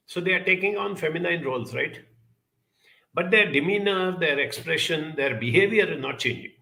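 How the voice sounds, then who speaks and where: Gravelly bright-voiced man telling a story. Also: fairly high pitch, poor audio. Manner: storytelling, quoting others in lively voices; unhurried, spoken as if to listeners. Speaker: self-help speaker. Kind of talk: reflective talk with personal story.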